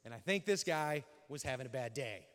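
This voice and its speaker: A male pastor telling a story in a sermon, animated, dropping to a hush and then rising loud. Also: mid-range voice, fairly quick. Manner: animated, swings between hushed and loud. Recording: long hall reverb.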